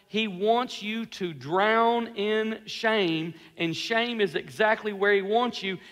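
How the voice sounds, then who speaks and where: A man preaching with a very high, bright voice, telling the story in an animated way with wry self-deprecating humor. The sermon rings out in a large, reverberant church hall.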